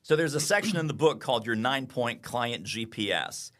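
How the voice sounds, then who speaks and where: A man talking as a guest on an interview podcast, energetic and quick to act out what clients say. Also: medium pitch. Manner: energetic, acts out clients' lines in quoted voices. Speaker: sales consultant and author, podcast guest. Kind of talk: animated interview talk.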